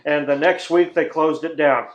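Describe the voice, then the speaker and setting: A man from Texas co-hosting a podcast in casual, profane chat, loud and quick to laugh, ranting in put-on voices. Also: fairly high pitch, steady tone. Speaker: podcast co-host. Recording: roomy echo.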